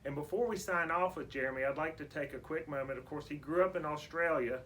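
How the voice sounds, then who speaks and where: A man's voice: fairly high pitch, fast talker, fairly bright tone, a little hiss or hum. A man with a Southern US accent hosting a casual radio interview, folksy and playful with his guest. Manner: folksy, plays quiz games with guest. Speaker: radio show host.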